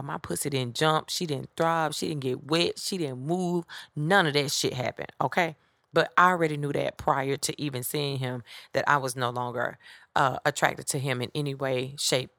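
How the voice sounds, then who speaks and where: A woman with a low, gravelly voice tells a story in a casual solo podcast. She is candid and profane, talks straight to her listeners with plenty of sass, and sounds close and dry on the mic. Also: fairly bright tone, dry recording. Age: adult with children. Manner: sassy, speaks straight to listeners. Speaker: podcast host.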